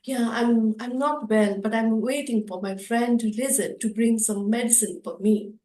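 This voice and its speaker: A small, sick salamander from a children's story, voiced by a woman storyteller, speaking in a very soft, weak, tired voice. It is heard in an echoey room. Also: fairly high pitch, steady tone, measured pace, natural voice.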